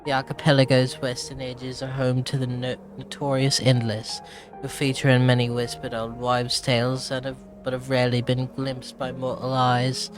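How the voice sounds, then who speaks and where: A man's voice: mid-range voice, monotone, moderate pace, lightly acted. A man reading aloud in a put-on British accent as a reluctant female travel writer, theatrical and stumbling over words. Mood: wry. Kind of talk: reading in-game text aloud. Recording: game music underneath.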